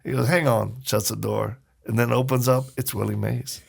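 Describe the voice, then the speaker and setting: A man with a strongly gravelly, creaky voice tells stories in a relaxed conversational tone. He is a podcast guest, and he brings his stories to life by acting out the people in them. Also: mid-range voice, moderate pace. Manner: animated storyteller, acts out quoted voices. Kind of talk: casual storytelling.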